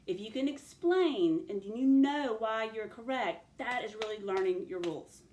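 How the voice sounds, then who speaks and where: A woman teacher giving a phonics lesson, talking students through each step clearly and addressing them directly. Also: a little high, animated, normal speed, darkish tone, slight background noise. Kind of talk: recorded classroom phonics lesson. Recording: roomy echo.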